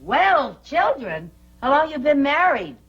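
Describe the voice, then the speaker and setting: An actress playing a cheeky, scatterbrained bank secretary who chatters eagerly and cracks jokes, on a muffled old TV soundtrack. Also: female voice, high voice, big pitch swings, a little slow, a bit bright, full character voice. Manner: eager, chirpy, wisecracking.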